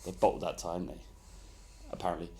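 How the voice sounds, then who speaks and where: A man's voice: low-pitched, little pitch movement, fairly quick, warm tone. A man co-hosting a football podcast, talking bluntly and full of opinions in casual banter. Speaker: podcast co-host. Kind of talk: casual chat.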